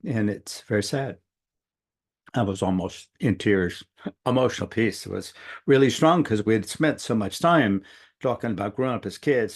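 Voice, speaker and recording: A middle-aged man with a fairly low voice and some vocal fry tells a long personal story. He rambles casually and conversationally, often quoting at length what other people said.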